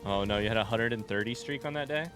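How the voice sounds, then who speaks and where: A man with a fairly low voice streams a game and chats loosely, trailing through fillers as he thinks aloud. Light music plays under his talk. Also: quick pace. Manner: relaxed, rambling, lots of fillers. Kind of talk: casual gameplay chat.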